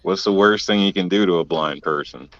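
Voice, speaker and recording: A man on a podcast throwing out crude riddle jokes in a flat, deadpan way. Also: deep voice, brisk, no room sound, dull audio. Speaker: podcast co-host. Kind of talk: casual chat, telling crude riddle jokes.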